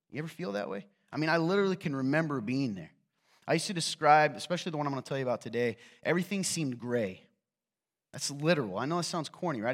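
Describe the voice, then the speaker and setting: A middle-aged man from Eastern Kentucky with a slight Southern Appalachian accent, preaching a sermon in a conversational storytelling way with self-deprecating humor. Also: a little high. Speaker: pastor.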